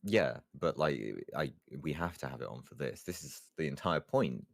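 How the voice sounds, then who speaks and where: A man's voice: rumbling low, animated, moderate pace, gravelly, dry recording, studio quality. A man co-hosting a streamed talk show, chatting casually, laughing often and trailing off with fillers. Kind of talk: casual chat.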